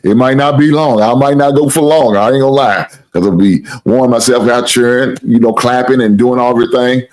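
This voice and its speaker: A man hosting a casual live-stream sports talk show, with a deep voice, rambling and repeating himself and swearing now and then. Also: brisk, a little mellow. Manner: rambling, repetitive, plugs the channel, swears casually.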